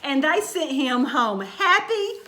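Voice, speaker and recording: A woman reading a rhyming picture book aloud to children with an expressive, sing-song delivery. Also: high voice, slow. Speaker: children's storyteller. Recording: roomy echo.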